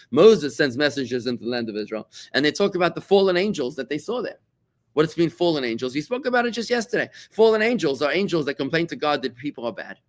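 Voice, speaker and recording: Male rabbi, middle-aged, from South Africa; lively conversational teacher who repeats words and acts out other people's lines. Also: mid-range voice. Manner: animated, repeats words, acts out quoted voices. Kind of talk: conversational Torah class.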